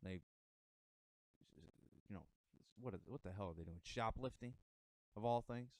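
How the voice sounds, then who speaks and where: A man's voice: lowish voice, normal speed, no echo. An American man giving a casual motivational monologue to camera, emphatic and a bit rambling. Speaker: vlogger giving motivational talk.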